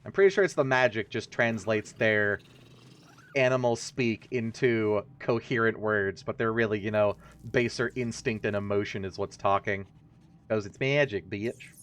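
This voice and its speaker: A man's voice: lowish voice, moderate pace, a bit bright. A man streaming a video game, giving casual, rambling, jokey and self-mocking commentary as he plays. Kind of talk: casual let's-play commentary.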